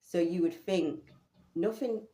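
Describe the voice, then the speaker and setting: A low-pitched woman telling a personal story in an animated way, with casual swearing. Her voice rings out in an echoey room. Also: slow pace. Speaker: vlogger.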